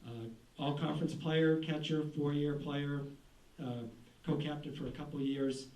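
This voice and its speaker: Man, ceremony introduction, mellow tone, echoey room, faint hiss. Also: on the high side, steady tone, unhurried, distant mic. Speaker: presenter introducing an inductee.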